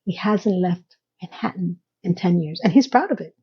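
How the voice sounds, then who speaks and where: A woman's voice: lowish voice, moderate pace, slightly rough, muffled recording. Chatty woman recapping a TV episode. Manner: chatty, retells scenes by acting out quotes; blunt, opinionated asides. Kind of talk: casual TV recap commentary.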